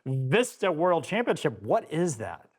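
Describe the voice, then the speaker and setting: A man's voice: a little high, sing-song, a little slow. A man hosting a show, talking in a chatty, casual way and often restarting his sentences. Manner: chatty, repeats words when starting sentences. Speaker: show host. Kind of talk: casual chat.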